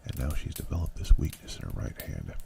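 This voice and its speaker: A man reading the part of a cultured older Southern prison warden in his fifties, soft and worried, in an ASMR audiobook reading. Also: rumbling low, brisk, gravelly, noisy background, exaggerated voice. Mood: weary, worried. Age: 50s. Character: older male prison warden, weary and gentle. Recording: steady keyboard clicks behind.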